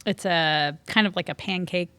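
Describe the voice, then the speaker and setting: A woman from Kansas City with a somewhat low voice chats on a podcast in dry, close sound. She explains things eagerly and laughs easily. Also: normal speed, bright, forceful tone, clean tone, dry recording. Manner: explanatory, enthusiastic about anime, laughs easily. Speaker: podcast co-host. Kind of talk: casual chat.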